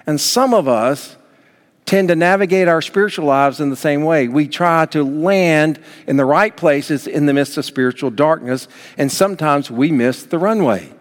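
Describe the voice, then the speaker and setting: A man preaching a sermon as pastor, emphatic, with sudden rises in pitch and loudness. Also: moderate pace. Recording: long hall reverb.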